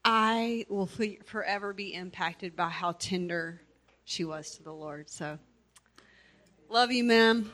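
A woman's voice: medium pitch, takes it slowly, fairly bright tone. A woman giving a heartfelt memorial tribute, stretching words for emphasis as she recalls a friend. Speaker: community member giving a tribute.

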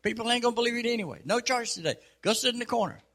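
A man's voice: very high-pitched, rapid-fire, fairly bright tone, voice pushed up, exaggerated voice. A man voicing a flustered female coffee shop clerk in a joke, his voice raised and surprised.

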